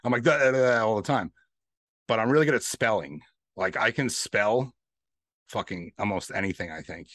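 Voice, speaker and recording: A man's voice: fairly low pitch, animated, moderate pace, long pauses, fairly bright tone, no room sound, clean studio sound. A man chatting casually on a podcast, laid-back, swearing and laughing often. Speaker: podcast host.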